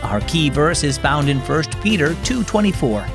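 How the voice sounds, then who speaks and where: A man's voice: on the high side, sing-song, moderate pace, music in the background. A man hosting and narrating a children's devotional story program in an upbeat, friendly way, recorded on a close studio mic. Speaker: host and narrator.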